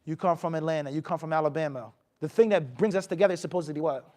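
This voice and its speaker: A man giving a mosque lecture, animated, often putting questions to the audience. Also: a little high, fast. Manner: animated, asks the audience questions, acts out scolding. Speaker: imam giving a talk.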